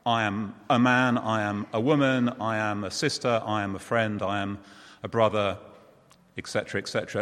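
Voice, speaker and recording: A man's voice: fairly low pitch, moderate pace, a bit bright, big-room sound. A man preaching in a chatty way, talking with the congregation. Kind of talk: sermon.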